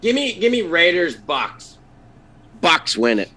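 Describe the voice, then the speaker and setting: Man, Pittsburgh accent, rambling crude co-host, very bright sharp tone. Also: fairly high pitch, big pitch swings, a little slow. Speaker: podcast co-host. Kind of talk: casual sports chat.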